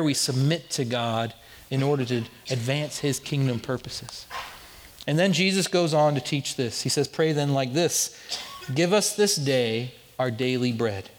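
A man's voice: sits high, long reverb tail. A man in his thirties preaching a sermon as pastor, telling stories earnestly and often restarting his phrases. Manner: earnest storytelling with repeated restarts.

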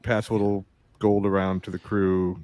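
Male player, very deep, lively and jokey, close dry mic. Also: moderate pace, no echo. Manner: plans out loud, jokey. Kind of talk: casual play at a tabletop game.

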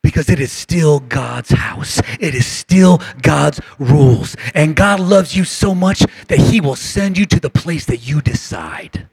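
A high-pitched male preacher with a gravelly, raspy voice that is wearing hoarse. He delivers an impassioned sermon in a church, calling out to the congregation for responses. He shifts between shouted lines and hushed, low ones. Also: unhurried, hardly any pauses, dry recording. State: voice going hoarse. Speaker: pastor. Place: church sanctuary.

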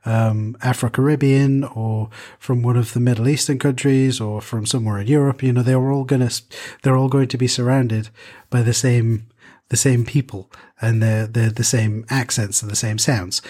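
A man's voice: mid-range voice, fairly even intonation, moderate pace, warm tone. A man co-hosting a casual podcast chat, rambling with restarts and frequent ums.

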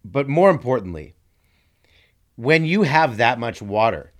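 A man's voice: mid-range voice, big pitch swings, a little slow, fairly bright tone. A man hosting a casual podcast, asking follow-up questions in a teasing, wry way. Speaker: podcast host. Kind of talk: casual chat.

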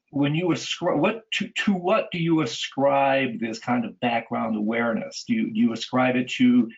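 A man's voice: mid-range voice, vocal fry, highs cut off. A man hosting an interview, talking enthusiastically with frequent fillers like "you know" and "kind of". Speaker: interview host. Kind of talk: conversational interview.

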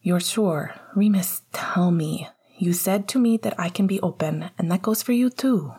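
A woman voicing a young male hockey captain, light and teasing, then soft and earnest. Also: on the low side, a little slow, breathy edge.

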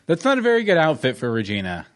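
A man co-hosting a casual rewatch commentary, joking with deadpan fake trivia. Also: a little high, fast. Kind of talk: casual chat watching a show.

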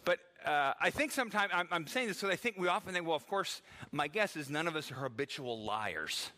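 A middle-aged male pastor preaches in a bright, forward voice that sits fairly high, expressive and a little fast. He addresses the congregation conversationally, acting out the voices of people he quotes and laughing now and then.

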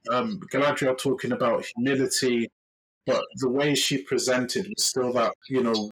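A man's voice: medium pitch, steady tone, normal speed, fairly bright tone, husky, rough recording. A man hosting a podcast, chatting casually with frequent fillers. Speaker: podcast host. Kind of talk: casual chat.

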